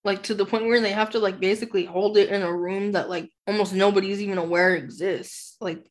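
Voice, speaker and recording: A woman co-hosting a casual book podcast rambles through a plot recap packed with "like" fillers. Her mid-range voice is steady in tone and fairly quick.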